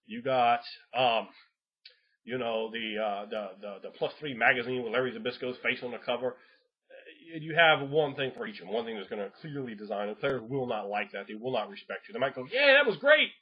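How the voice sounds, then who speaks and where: A man giving casual game master advice in a rambling, profane way, laughing often and acting out players in quick voices. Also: mid-range voice, slightly rough. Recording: dull lo-fi home recording.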